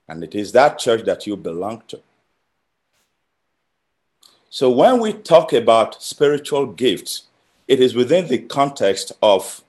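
A man preaching a sermon, emphatic, building phrases through repetition and swinging between loud and quiet. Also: fairly low pitch. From Nigeria. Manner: emphatic, with rising and falling intensity and repeated phrases.

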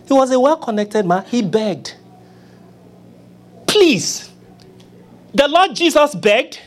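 A preacher delivering a sermon, pleading and acting out prayers, swinging from loud cries to hushed murmurs. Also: big pitch swings, slow pace. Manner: acts out begging prayers in a low, soft voice.

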